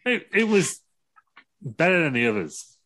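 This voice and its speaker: A man's voice: fairly high pitch, unhurried. A man co-hosting a casual wrestling podcast chat, blunt and swearing freely. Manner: blunt, swears, animated opinions. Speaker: podcast co-host.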